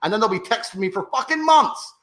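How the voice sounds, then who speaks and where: A man's voice: sits high, lively intonation, fast talker, bright, forceful tone, reverberant, a little hiss or hum. A man, talking in a brash, profane, emphatic way in a casual podcast conversation. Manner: brash, profane and emphatic, acts out others' voices. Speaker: podcast guest.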